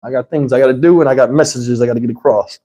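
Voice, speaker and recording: A middle-aged man tells a profane, animated story to his livestream chat. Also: rapid-fire. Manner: animated, profane, swings into high voices to mimic others. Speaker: livestream host.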